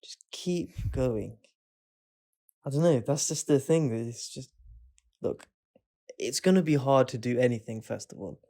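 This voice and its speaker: A man's voice: medium pitch, lively intonation, a little slow, long pauses, mellow. Laid-back male podcast co-host. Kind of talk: casual chat.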